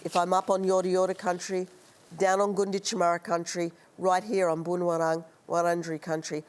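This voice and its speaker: A woman's voice: lowish voice, little pitch movement, fairly quick, a little mellow, clean tone. Earnest woman on a panel. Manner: earnest, heartfelt. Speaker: panel guest. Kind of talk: panel discussion.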